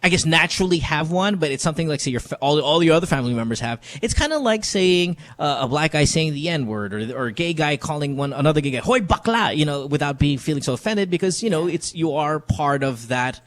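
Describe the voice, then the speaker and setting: A man's voice: on the high side, lively intonation, quick pace, hardly any pauses, a bit bright. A man hosting a talk show in casual chat, loose and rambling, swearing freely. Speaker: radio talk show host.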